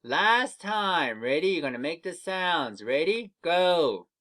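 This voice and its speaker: A man teaching young children to read, leading slow, patient drills of letter sounds for an online lesson. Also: a little high, big pitch swings, bright, forceful tone.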